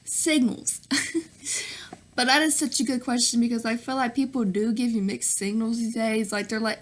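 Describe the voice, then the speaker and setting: A young Southern woman talks straight to her viewers in a loose, chatty way, her voice sitting a little high. She fills her sentences with "like" and calls her viewers "girl" and "sis", and she laughs often between answers. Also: steady tone, normal speed. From Nashville, Tennessee. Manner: chatty, full of fillers and "girl", "sis", "y'all". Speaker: vlogger. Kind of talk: casual Q&A vlog.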